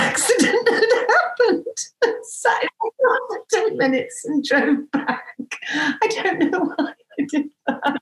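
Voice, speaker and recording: A woman telling dating stories as a podcast guest, animated and theatrical, acting out the dialogue. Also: high-pitched. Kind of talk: anecdotal storytelling. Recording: roomy echo.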